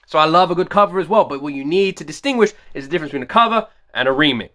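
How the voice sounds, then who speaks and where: A man's voice: on the high side, expressive, rapid-fire, pushed and bright. A man commenting on a song in a reaction video, emphatic and repeating his rhetorical questions. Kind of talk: excited music reaction commentary.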